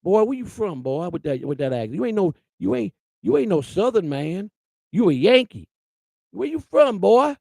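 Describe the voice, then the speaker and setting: A man's voice: high-pitched, sing-song, normal speed, creaky, a little mellow, no echo, clean studio sound, voice pushed up, heavily acted. A man putting on a taunting southern lawman. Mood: sneering. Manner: taunting, drawled, keeps barking "boy". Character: bullying small-town southern lawman, male, middle-aged.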